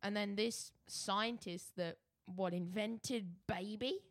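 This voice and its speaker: Female co-host, playful and loose, mid-pitched; dry, close recording. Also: dry recording. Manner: playful, quick to laugh, dramatic mock outro. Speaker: podcast co-host. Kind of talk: casual banter.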